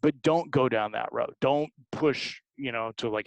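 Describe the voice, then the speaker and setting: A man talking as a sales guest, animated, often tagging his points with "right?" and acting out callers' lines. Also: medium pitch, measured pace, vocal fry, dry recording, low-quality recording. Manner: animated, tag questions, acts out callers. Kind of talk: energetic interview talk.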